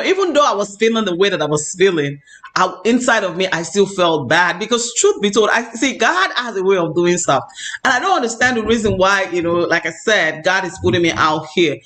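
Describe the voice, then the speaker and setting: High-pitched male online preacher; earnest, rambling personal testimony. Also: fairly bright tone. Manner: earnest, repetitive, many "you know"s.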